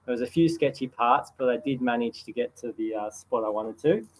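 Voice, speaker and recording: A man's voice: medium pitch, fairly quick, a little hiss or hum, poor audio. Laid-back Australian man by a campfire. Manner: relaxed, chatty, reads viewer comments aloud. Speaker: host answering viewer questions. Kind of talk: casual livestream chat. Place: outdoors by a campfire at night.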